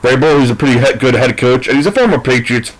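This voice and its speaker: A man's voice: medium pitch, expressive, quick pace, rough recording. A man ranting through a sports recap, profane, frustrated and rambling. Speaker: sports commentator.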